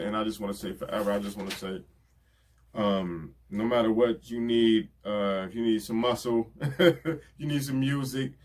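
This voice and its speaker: Earnest low-voiced man giving shout-outs. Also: a little hiss or hum. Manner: earnest, repeats "you know what I'm saying". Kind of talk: casual heartfelt talk.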